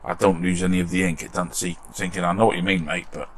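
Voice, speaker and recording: A man's voice: deep voice, level tone, fast. A British man hosting a model restoration channel, chatting casually in his shed workshop and reading out viewer comments with self-deprecating humour.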